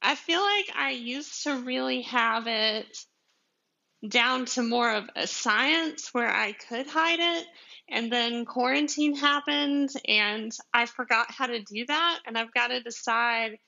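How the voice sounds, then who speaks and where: A woman's voice: on the high side, takes it slowly, vocal fry, pushed and bright, lo-fi sound. A woman with a Southern Georgia accent, hosting a podcast in a chatty, rambling way, with many ums and frequent laughs. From deep South Georgia, USA. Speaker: podcast host. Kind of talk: casual monologue.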